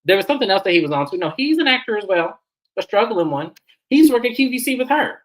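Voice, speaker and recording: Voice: medium pitch, sing-song, fast, poor audio. A reality TV recap host giving casual, sassy commentary and repeating phrases for emphasis.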